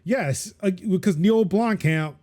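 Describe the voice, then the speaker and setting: A man's voice: sits high, slow pace, dark tone. A man hosting a casual tech podcast, rambling with many fillers and restarts. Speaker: podcast host.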